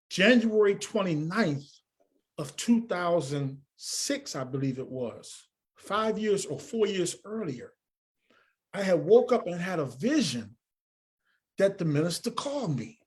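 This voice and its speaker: Man, podcast guest, higher voice, earnest storyteller who acts out dialogue. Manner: earnest, animated storyteller acting out quoted dialogue. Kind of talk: storytelling in an interview.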